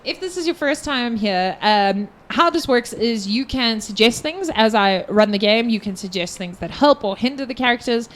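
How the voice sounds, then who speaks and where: A woman's voice: on the high side, animated. A woman running a tabletop game livestream as game master, chatting and joking with her players between turns. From South Africa. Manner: giggly, apologetic, quick banter.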